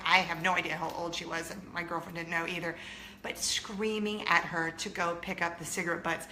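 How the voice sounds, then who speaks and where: Bright-voiced woman telling a chatty story. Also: lowish voice, a little hiss or hum. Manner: animated, chatty, laughs often, acts out quotes. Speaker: host. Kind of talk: casual storytelling chat. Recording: roomy room echo with faint ambience.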